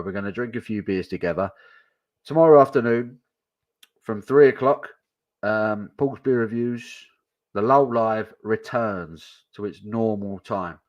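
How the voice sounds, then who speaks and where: Stand-in stream host: man, low-ish voice, easygoing banter with viewers. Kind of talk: casual pub chat, reading viewer comments.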